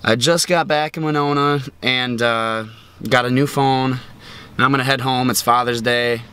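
A man's voice: mid-range voice, normal speed, clean tone, dry recording. A young man from the United States talking casually to his vlog viewers. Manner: excitable, shouts and laughs while watching a game. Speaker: vlogger. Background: music.

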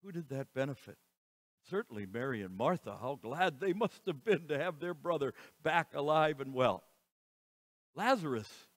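A man giving a sermon as pastor, moving between quiet passages and loud, emphatic lines. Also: a little high, no echo. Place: church.

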